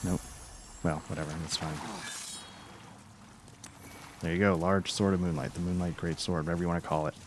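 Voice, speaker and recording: A man's voice: deep voice, level tone, brisk, pauses often, background noise. A man giving casual gameplay commentary, thinking aloud and trailing off as he plays. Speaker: let's play gamer.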